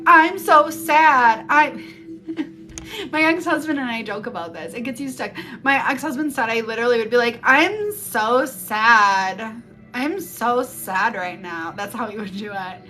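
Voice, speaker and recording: A woman with a fairly high voice gives a casual spiritual reading into a phone, rambling and blunt and swearing freely. Music plays clearly behind her. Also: bright, forceful tone. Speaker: psychic reader on a live stream. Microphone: phone mic.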